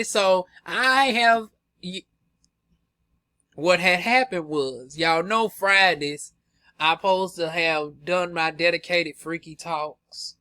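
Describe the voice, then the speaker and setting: A man's voice: fairly high pitch, bright, forceful tone, no echo, studio quality. A young man in a sassy, flamboyant gossip commentary vlog, drawling "honey" between his remarks. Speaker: gossip vlogger.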